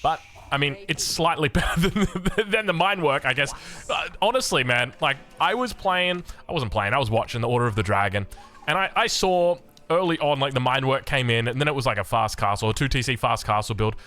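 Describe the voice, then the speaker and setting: A man with an Australian accent casting a strategy game in excitable, chatty commentary. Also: mid-range voice, brisk. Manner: excitable, animated, chatty, laughs often. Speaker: game caster.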